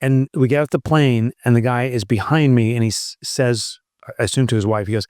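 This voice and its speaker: A middle-aged man from New Jersey co-hosting a podcast, chatting casually and telling animated stories. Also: medium pitch, fairly quick, no echo, clean studio sound. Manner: animated storyteller, mimics other people's voices. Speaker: podcast co-host. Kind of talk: casual chat.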